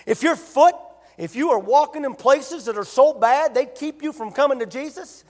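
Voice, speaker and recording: A man preaching a sermon as pastor, emphatic and rising to loud bursts. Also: very high-pitched, expressive, normal speed, big-room sound.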